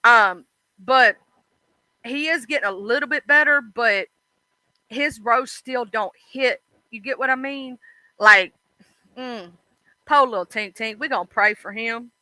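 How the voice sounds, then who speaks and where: Woman streamer, casual livestream chat, blunt and swearing, sharp bright tone, dry close mic. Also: a little high, measured pace, pauses often, no room sound, poor audio. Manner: blunt, chatty, swears freely. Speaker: livestream host.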